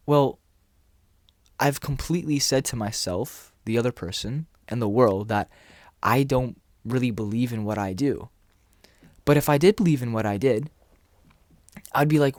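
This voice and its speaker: A man coaching viewers on confidence and dating in a relaxed, conversational way, sometimes acting out short exchanges. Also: mid-range voice, no echo. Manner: relaxed, conversational, acts out little dialogues. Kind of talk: casual talking-head advice.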